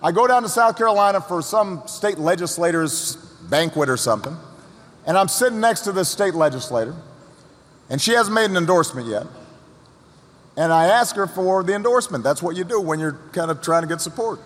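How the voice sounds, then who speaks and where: A man giving a speech to an audience, telling a story with pauses and repeated words. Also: high-pitched, animated, a bit bright. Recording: long reverb of a large hall.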